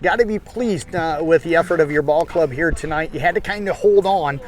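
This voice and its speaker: A man's voice: a little high, fairly quick. A man, a radio sports reporter, asking folksy postgame questions outdoors at a ballfield.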